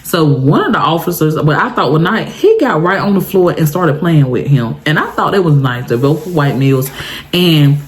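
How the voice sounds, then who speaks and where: A woman telling a personal story for her vlog in a casual, animated way, talking straight to her viewers and jumping high in pitch for emphasis. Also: moderate pace. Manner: colloquial, talks straight to viewers. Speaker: storytime vlogger.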